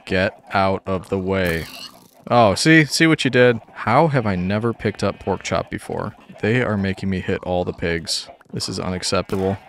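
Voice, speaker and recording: A man's voice: deep voice, a little hiss or hum. A man narrating his gameplay casually with dry, wry humor, talking to the animals as he goes. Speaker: gaming YouTuber.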